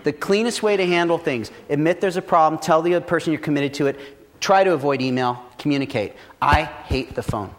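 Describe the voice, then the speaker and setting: A man giving casual, blunt business advice, swearing freely and telling stories in an animated way. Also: fairly high pitch, fast. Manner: profane, blunt, animated storytelling. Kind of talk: casual motivational talk.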